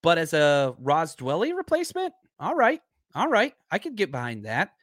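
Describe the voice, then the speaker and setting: A man hosting a podcast in loose, rambling talk, his voice hoarse and worn down. He sits close to the mic in a dry, dead room, his voice a bit higher than most men's. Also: wildly swooping pitch, moderate pace, fairly bright tone, no room sound. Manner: rambling, chatty, searches aloud for names. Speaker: podcast host. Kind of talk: casual live-stream chat.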